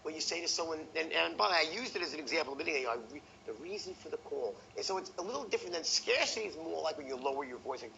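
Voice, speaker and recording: A man teaching a sales seminar in an animated way, showing different tones with his voice and checking in with the audience. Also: a little high, very fast, creaky, hardly any pauses, muffled recording, slight background noise. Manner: talks to the audience directly, asks okay and right. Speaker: sales trainer.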